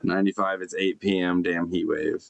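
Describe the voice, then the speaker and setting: A man with a low voice and vocal fry live-streams from his broken-down van in a forest snow park, using a computer camera setup that cuts off the highs. He speaks at a normal speed with flat delivery, rambling in a laid-back way as he reads and answers comments. He swears often and fills his talk with fillers and restarts.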